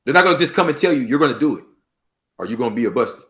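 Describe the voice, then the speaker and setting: A man from Los Angeles with a Los Angeles accent, a podcast guest in casual interview talk, animated and acting out street dialogue. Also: mid-range voice, racing. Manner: animated, acts out street dialogue, swears freely.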